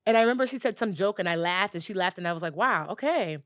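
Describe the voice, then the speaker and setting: A woman in her forties telling a personal story as a guest in an interview, animated and acting out other people's voices. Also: medium pitch, very fast, clear, resonant tone, no room sound, studio quality. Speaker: guest, personal finance educator.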